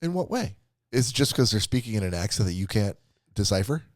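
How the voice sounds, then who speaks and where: A low-pitched man co-hosting a casual podcast, needling his partner and swearing freely. The sound is dry and close, with no room around it. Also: very animated, quick pace, no room sound. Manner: teasing, pushy, swears freely. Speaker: podcast co-host.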